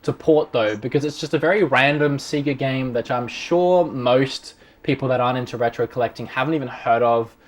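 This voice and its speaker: A man's voice: mid-range voice, fairly quick, few pauses. A man hosting a casual gaming news chat, steering the talk with questions. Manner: relaxed, leads the discussion with questions. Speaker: show host.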